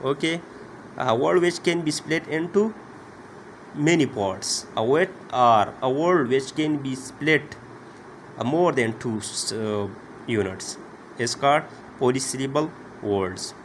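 A man teaching a grammar lesson, halting often with "uh" and "okay" as he explains. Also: mid-range voice, slight background noise. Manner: slow, halting, many "uh" and "okay" fillers. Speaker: English teacher.

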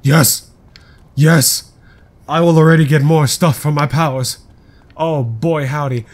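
A man doing excitable let's play commentary, rambling and swearing often. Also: on the high side, slow pace. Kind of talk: gameplay commentary.

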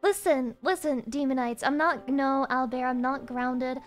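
A woman's voice: sits high, steady tone, a little slow, soft background music. A young adult woman streaming a game and joking playfully with her chat in casual talk.

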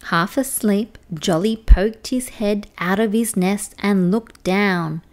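A woman with an Australian accent reading a children's picture book aloud, slow and expressive. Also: mid-range voice. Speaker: storytime reader.

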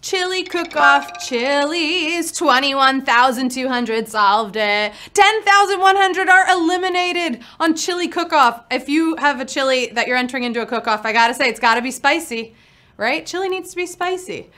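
A woman's voice: high voice, animated, normal speed, sharp tone. A woman hosting a live word game show, talking in a playful, upbeat patter full of puns.

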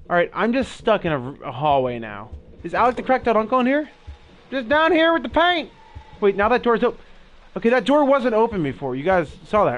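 A man's voice: high-pitched, muffled recording. A young man giving frightened, swearing commentary while playing a horror game and talking to his viewers. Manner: jumpy, swearing, talks to viewers. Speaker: gaming video host. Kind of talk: scared let's-play commentary.

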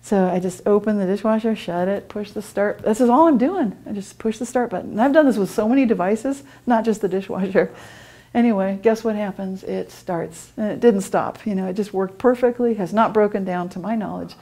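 A woman's voice: medium pitch, brisk, dark tone. A middle-aged woman giving a conference talk, telling personal stories with frequent laughter and acting out her own thoughts. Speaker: conference speaker. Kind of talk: storytelling presentation. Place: conference room.

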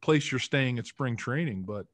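A man's voice: medium pitch, normal speed, dry recording. A man in his fifties from the Philadelphia area, a former football lineman chatting as a podcast guest, telling stories with lots of acted-out quotes and fillers. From Philadelphia area, United States. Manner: chatty, animated storyteller acting out quotes. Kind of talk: casual storytelling interview.

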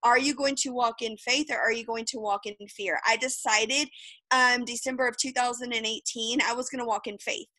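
A woman's voice: a little high, fairly even intonation, a little fast, pushed and bright, no room sound. A woman, giving a fired-up, candid motivational talk as a guest on a video call, swearing freely. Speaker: guest speaker.

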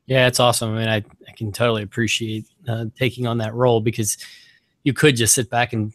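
A man's voice: medium pitch, level tone, a little fast, dry recording. A man hosting an interview podcast, chatting casually and rambling with many fillers. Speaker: podcast host.

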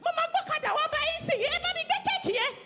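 A woman playing a frantic, shrill wedding planner. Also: exaggerated voice. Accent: Nigerian, Yoruba. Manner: shouting orders, fast and excitable. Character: frantic female wedding planner, bossy and flustered.

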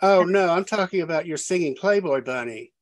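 A man's voice: high-pitched, expressive, brisk. A man hosting an interview, asking questions in an easygoing conversational way. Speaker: interview host. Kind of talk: casual interview chat.

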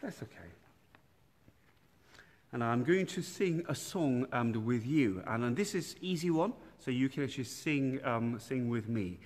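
A man, a priest, giving an informal night prayer talk in a gentle, halting way, with many pauses and restarts, recorded without a proper microphone. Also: mid-range voice, lively intonation. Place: dark church room by candlelight. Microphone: no external microphone, built-in device mic. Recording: poor sound quality without microphone.

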